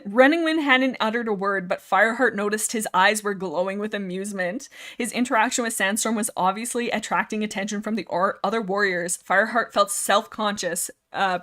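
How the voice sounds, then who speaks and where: A young woman hosting a casual livestream, chatting in a rambling, animated way and reading book passages aloud. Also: medium pitch. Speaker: livestream host.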